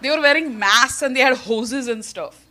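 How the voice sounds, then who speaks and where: A woman from India with an Indian accent, telling a funny personal story on stage, animated and laughing often mid-sentence. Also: sits high, normal speed, background noise.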